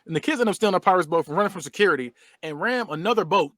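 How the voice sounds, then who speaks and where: A man's voice: high voice, lively intonation, very fast, a bit bright, no echo. A man hosting a podcast, casually reviewing a movie and retelling scenes with plenty of laughs and slang. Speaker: podcast host.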